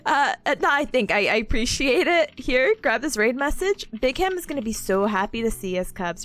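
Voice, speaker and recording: A woman's voice: high voice, lively intonation, fairly quick, few pauses, a bit bright. A young woman streaming casually, playful and giggly, mocking herself as she chats to her viewers. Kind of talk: casual live-stream chat.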